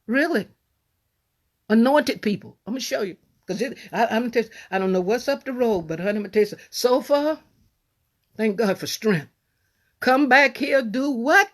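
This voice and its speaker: A woman pastor preaching a sermon in a folksy, emphatic way, swinging from soft asides to raised cries. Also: on the high side, normal speed.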